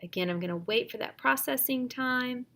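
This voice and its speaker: A woman teacher explaining phonics drills in a measured, instructional way, with frequent fillers. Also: sits high, creaky, fairly bright tone. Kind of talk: instructional lesson, modeling drills.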